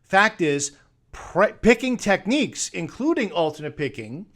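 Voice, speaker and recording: A man's voice: high voice, big pitch swings, a little slow, a bit bright. A man teaching guitar technique, emphatically debunking myths and firing off rhetorical questions. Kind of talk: instructional talk to camera.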